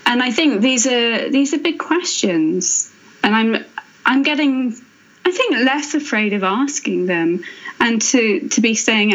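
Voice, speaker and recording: A woman's voice: on the high side, expressive. Earnest, thoughtful woman on a dull line. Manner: earnest, thoughtful, with pauses and restarts. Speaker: author and guest. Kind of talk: reflective faith podcast conversation.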